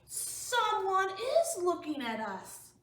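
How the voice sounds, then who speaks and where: A woman voicing an excitable little female storybook pig who squeals and exclaims. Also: very high-pitched, slow, recorded from a distance, a little hiss or hum, pitched above the performer's own voice, heavily acted. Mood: excited. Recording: roomy room, voice a bit off-mic.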